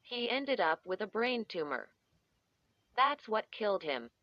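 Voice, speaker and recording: A menacing young woman taunts in a slow, sly voice, as a woman reading the story puts her on. She sounds teasing and cruel. The recording is dull and lo-fi, with a dry sound and no room echo. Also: medium pitch, big pitch swings. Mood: confiding.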